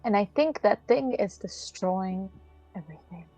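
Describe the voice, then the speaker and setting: A woman's voice: mid-range voice, lively intonation, a little slow, dark tone, soft background music. A woman player speaking tentatively and hesitantly in a tabletop game. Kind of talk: casual in-character play.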